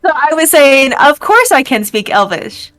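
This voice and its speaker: A woman's voice: high voice, big pitch swings, moderate pace, over music. A woman chatting playfully as a player in a tabletop game. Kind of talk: casual game chat.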